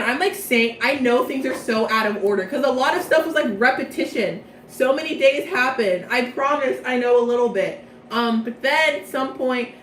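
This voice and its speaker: A young woman, her voice sitting a little high, retells a story in a loose, slangy, playful ramble. The recording sounds roomy, with a faint hiss underneath. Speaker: vlogger. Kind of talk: casual plot recap from memory.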